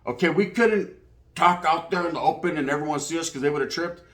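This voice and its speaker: A man's voice: on the high side, fast, fairly bright tone. A man from California, telling stories in a casual, slang-heavy way and acting out other people's lines. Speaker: guest storyteller. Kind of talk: casual storytelling. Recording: roomy echo.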